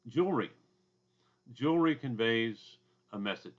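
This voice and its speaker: A man with a loud booming voice and a drawl, giving a casual recorded lecture from his home basement, with asides and throat clearing. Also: animated, measured pace, dull audio. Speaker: instructor.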